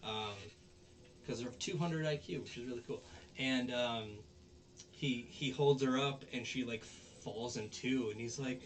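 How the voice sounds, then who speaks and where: Here the host has a medium-pitched voice and talks a little slowly over a faint hiss or hum. Recapping anime episodes on his casual podcast, he wanders, fills, and restarts, bringing the characters' lines to life with animated voices.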